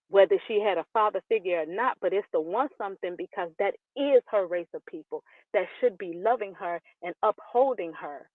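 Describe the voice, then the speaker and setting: A man's voice: high-pitched, dry recording. A man calling in to a talk show, speaking earnestly and posing questions. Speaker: caller. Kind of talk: call-in commentary. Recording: dry tinny phone line.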